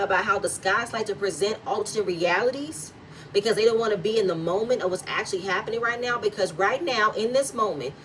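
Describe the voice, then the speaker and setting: A woman's voice: medium pitch, fairly bright tone, distant mic, slight background noise, low-quality recording. A woman hosting a reality TV recap vlog, giving blunt, heated and profanity-laced commentary.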